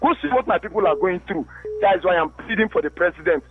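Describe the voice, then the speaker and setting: A man's voice: sits high, lively intonation, fast. A Nigerian man from Rivers State calling into a radio show, speaking with passionate pleading and calling the host his beloved brother. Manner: impassioned, pleading, keeps saying "my beloved brother". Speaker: caller. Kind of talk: call-in radio commentary. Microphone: phone call into a radio studio. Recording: muffled phone line.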